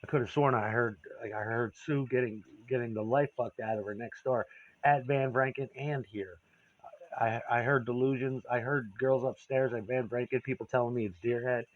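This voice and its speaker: A man's voice: medium pitch, fairly even intonation, moderate pace, lo-fi sound. A man telling a candid, rambling personal story, profane and confessional.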